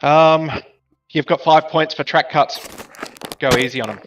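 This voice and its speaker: A man's voice: fairly high pitch, steady tone, unhurried, noisy background. A man giving the race briefing over voice chat to online sim racers. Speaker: race director.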